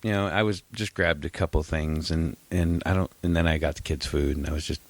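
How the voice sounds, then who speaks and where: A man's voice: extremely low pitch, steady tone, a little fast, dry recording. A man co-hosting a podcast, telling a rambling story with lots of laughter and acted-out voices. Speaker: podcast co-host. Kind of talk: casual chat.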